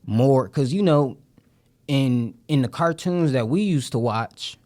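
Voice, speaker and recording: A man's voice: mid-range voice, lively intonation, slow pace, a little mellow. A young man hosting a podcast in casual chat, talking in a laid-back, rambling way. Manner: laid-back, rambling, lots of "you feel me". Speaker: podcast host.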